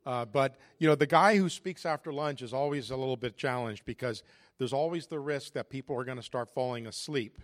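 A man's voice: mid-range voice, fairly quick. A man giving a sermon at a conference, talking in a conversational, joking way with frequent fillers. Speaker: conference speaker. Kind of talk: sermon with prayer and humor.

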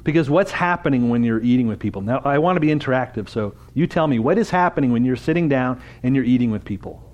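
A man's voice: mid-range voice, lively intonation, quick pace, a little mellow, muffled recording. Conversational man preaching to a conference. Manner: conversational, asks the audience questions. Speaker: conference speaker. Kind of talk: interactive church talk.

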